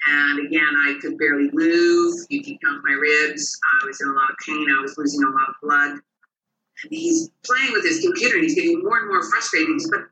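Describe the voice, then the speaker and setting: Personal stories come from an interview guest speaking in a mid-range voice at an ordinary pace, full of energy as he acts out quoted voices. Everything is captured in a roomy, distant way.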